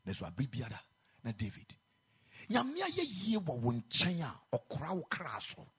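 A man preaching a sermon in a chapel, moving between quiet speech and loud sung exhortation. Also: a little high, huge pitch swings, normal speed, slightly rough.

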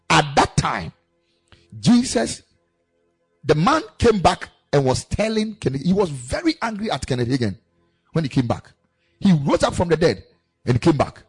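A man's voice: a little high, moderate pace, long pauses, husky, faint music behind. A man preaching a sermon at a church camp, telling stories and acting out the voices of the people in them. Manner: animated storytelling preacher, acting out quoted voices. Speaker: pastor.

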